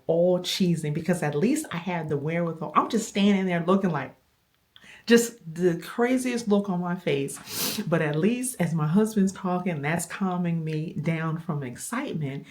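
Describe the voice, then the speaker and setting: A middle-aged woman with a notably low, deep voice talks straight to her viewers. She tells her story in an animated, rambling way and often stops to fix her own details. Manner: animated, rambling storyteller who self-corrects. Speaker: vlogger.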